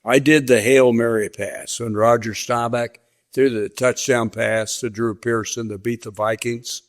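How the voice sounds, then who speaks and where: A man's voice: medium pitch, steady tone, a little slow. An older man from western Kansas, a veteran sportscaster telling stories in a sit-down interview and acting out the dialogue he quotes. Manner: vivid storyteller, acts out quoted dialogue.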